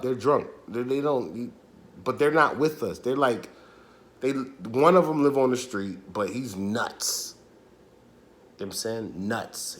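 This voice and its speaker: A young man telling a true street story in casual, animated, profane slang. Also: mid-range voice.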